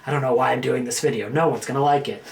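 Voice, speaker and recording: A man's voice: medium pitch, steady tone, fast, creaky. A man hosting a casual vlog about his film collection, rambling and joking at his own expense. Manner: rambling, jokey, self-mocking. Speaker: video host showing his film collection.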